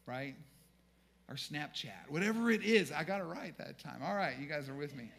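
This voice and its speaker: A pastor preaching a sermon in a conversational way, joking with the congregation and asking them to repeat lines. He slows down and grows hushed to stress key points. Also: on the high side, expressive, vocal fry, breathy edge. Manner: conversational preaching with jokes and audience call-and-response; slows down and drops to a hush for emphasis.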